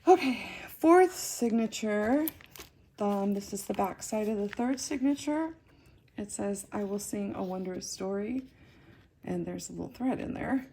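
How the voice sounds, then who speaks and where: A woman's voice: mid-range voice, lively intonation, a little slow, gravelly, dark tone, slight background noise. A woman hosting a casual craft video, rambling through a journal flip-through with frequent ums and self-corrections.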